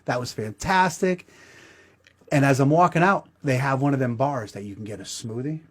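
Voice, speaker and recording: A man's voice: mid-range voice, normal speed. A middle-aged man telling a crude, self-mocking comedic story as the show's host.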